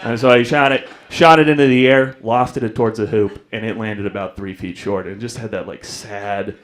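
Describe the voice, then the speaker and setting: A man's voice: steady tone, normal speed. Young man telling stand-up stories. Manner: storytelling, acts out voices with big pitch jumps. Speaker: stand-up comedian. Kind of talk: stand-up comedy set. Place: comedy club stage.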